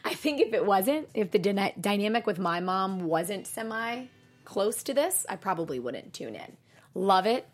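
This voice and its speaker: An expressive woman talking through a TV episode with her co-host. She speaks with emphatic, punchy conviction and jumps into a high voice when she acts out quotes. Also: moderate pace. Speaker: podcast co-host. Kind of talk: casual chat reviewing a TV show.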